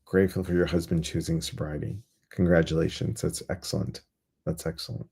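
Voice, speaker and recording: A male meditation host leads a live guided session, chatty and quick to laugh as he reads viewer comments before slowing into soft, soothing guidance. His voice sits low with little pitch movement and sounds creaky and slightly rough.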